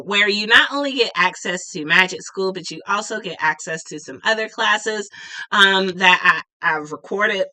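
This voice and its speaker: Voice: medium pitch, bright, forceful tone. A spiritual teacher hosting a live Q&A stream from home, talking casually in a rambling way with plenty of fillers, on a desk microphone. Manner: chatty, rambling, filler-heavy. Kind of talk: casual livestream chat.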